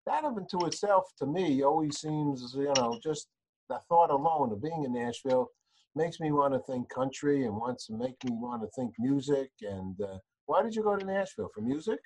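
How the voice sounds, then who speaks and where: A man's voice: medium pitch, lively intonation, moderate pace, darkish tone, slight background noise, poor audio. A man hosting an interview, chatting in an encouraging way. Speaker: interview host. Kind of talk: casual interview.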